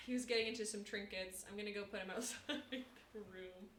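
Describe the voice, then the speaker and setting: A woman's voice: medium pitch, fairly even intonation, a little fast, a bit bright, a little hiss or hum. Chatty young woman streamer cooing. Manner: chatty, coos at her cat in baby talk. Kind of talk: casual live-stream chat.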